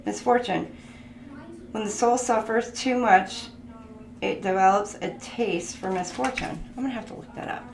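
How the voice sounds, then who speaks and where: A woman's voice: medium pitch, moderate pace, creaky. A woman giving a casual tarot reading, chatty and thinking aloud, laughing as she goes. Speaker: tarot reader. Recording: echoey room with background noise.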